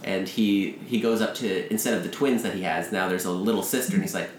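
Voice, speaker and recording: A man in casual chat who rambles through a story pitch and acts out the characters' lines in quick asides. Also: fairly even intonation, echoey room, slight background noise.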